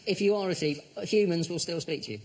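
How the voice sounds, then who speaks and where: A man's voice: fairly high pitch, quick pace, very noisy. A male comedian making playful, absurd jokes on a panel show.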